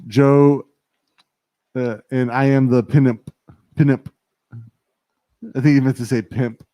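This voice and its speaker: Man, livestream co-host, chatty and joking, mid-pitched, dry studio sound. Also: fairly even intonation, unhurried, no echo, muffled recording. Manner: joking, laughs often, mimics accents in quotes. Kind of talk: casual chat, reading viewer comments aloud.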